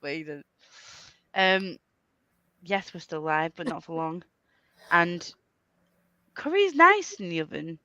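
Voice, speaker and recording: A woman with a Yorkshire accent hosting a casual livestream chat over a video call, quick to laugh. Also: lowish voice, expressive, sharp tone, dry recording. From Yorkshire, England. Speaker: host. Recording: slightly muffled dry audio.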